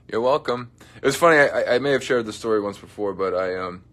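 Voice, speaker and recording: A fast-talking young man with a fairly low voice hosts a laid-back livestream from his dressing room. He reads comments, jokes playfully with his audience, and drifts now and then into soft mumbles.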